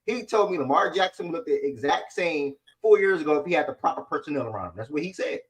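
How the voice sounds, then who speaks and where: A man hosting a sports show who argues quickly, repeats his phrases and needles his co-host. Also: on the high side, animated, slightly rough, rough recording. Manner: fast, keeps repeating phrases, mocking. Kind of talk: heated sports debate.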